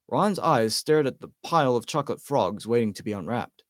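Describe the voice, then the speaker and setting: A man reading a storybook aloud in a lively way, with stumbles and self-corrections. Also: mid-range voice, a little fast, hardly any pauses, no echo, studio quality. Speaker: amateur audiobook reader. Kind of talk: storybook narration.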